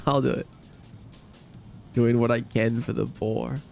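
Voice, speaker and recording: A man's voice: mid-range voice, level tone, measured pace, gravelly, music in the background. A young Australian man with an Australian accent, casually chatting on a live stream and joking around with silly impressions. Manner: laid-back, jokey, trying silly impressions. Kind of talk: casual live-stream chat reading comments.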